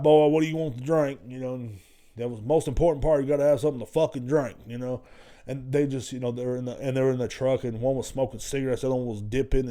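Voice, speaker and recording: A man's voice: mid-range voice, mellow. Brief: young male solo podcaster, casual and profane, rambles loosely. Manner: rambling, profane, jumps between stories. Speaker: podcast host.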